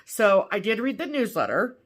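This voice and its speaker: A woman co-hosting a cross-stitch show, chatting casually and gushing with excitement over what she shows. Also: mid-range voice, moderate pace. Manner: gushing, enthusiastic. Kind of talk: casual show-and-tell chat.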